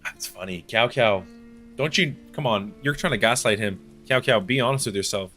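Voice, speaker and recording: A young Canadian man with an East Coast accent, chatting fast and jokingly with viewers while he streams a game, full of slang and banter. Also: on the low side, pushed and bright, soft background music. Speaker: livestream gamer. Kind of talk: casual chat with chat while gaming.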